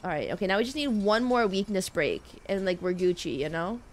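A young woman streaming a game live, excitable and talking straight to her chat, often repeating her exclamations. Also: mid-range voice, brisk, slight background noise. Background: faint game music.

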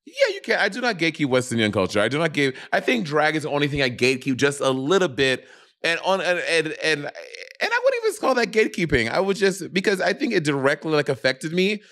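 A man co-hosting a relaxed podcast, telling stories with plenty of laughter. His pitch swoops widely as he talks, lively and expressive. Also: fast talker. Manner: laughs often, animated storyteller. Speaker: podcast co-host. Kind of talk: casual chat.

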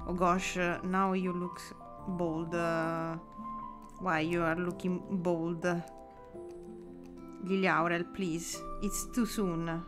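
A woman's voice: lowish voice, steady tone, takes it slowly, music in the background. A woman with an Italian accent chatting casually with her audience while drawing live, giggly and full of fillers and restarts. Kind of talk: casual live-stream chat.

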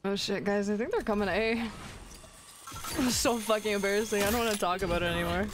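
A woman's voice: mid-range voice, a little fast, a little hiss or hum. Giggly, cursing young woman streamer.

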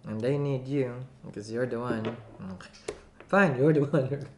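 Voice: medium pitch, a little slow. A tarot reader giving a casual, playful reading to camera, joking and laughing often between the cards. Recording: roomy echo.

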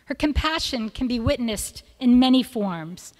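A woman reading prepared tributes to graduating students at a school ceremony, in a measured, list-like delivery of praise. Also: a little high, expressive, darkish tone. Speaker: school speaker presenting seniors. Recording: long reverb of a large hall.

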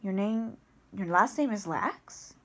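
A woman voicing a calm male cancer researcher, dropping her voice lower and keeping it steady. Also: slow, heavily acted. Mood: curious.

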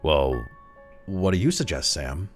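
A man reading a story aloud, voicing a young pregnant wife in a bright, rehearsed, sweet manner. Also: extremely low pitch, very animated, unhurried, faint music behind, exaggerated voice.

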